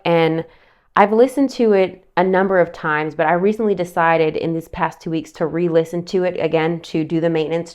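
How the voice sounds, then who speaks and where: Woman tarot reader, lowish voice, chatty asides, a bit breathless, casual vlog. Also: smooth. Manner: chatty, rambling, self-interrupting with asides. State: slightly out of breath.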